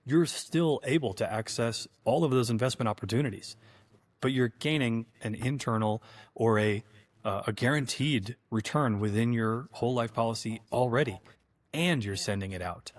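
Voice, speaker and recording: A man who works as a life insurance agent, co-hosting a casual podcast conversation and talking things through in a measured, dryly sarcastic way. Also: mid-range voice.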